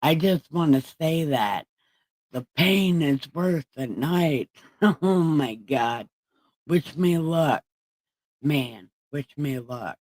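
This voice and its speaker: A woman hosts a casual livestream, talking slowly in a husky voice. She rambles playfully and circles back to the same phrases, with easy laughter between them. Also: deep voice, expressive, darkish tone, poor audio. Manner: playful, rambling, repeats herself, laughs often. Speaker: livestream host.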